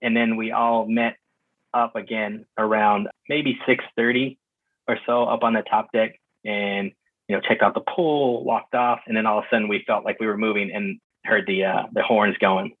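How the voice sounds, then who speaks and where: A man calls in to a podcast and tells his story in a loose, rambling way, full of fillers and restarts. His voice is slightly husky and comes through a narrow, phone-like line with a dry sound. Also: lowish voice, little pitch movement, moderate pace, dry recording. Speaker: guest. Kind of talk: casual conversation recounting a trip. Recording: muffled phone-line call.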